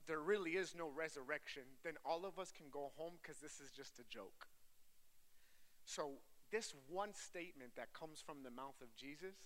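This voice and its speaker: A man in his thirties, a traveling preacher, giving a chatty, joking sermon that turns softly earnest, to an audience in a large hall. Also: fairly high pitch, moderate pace.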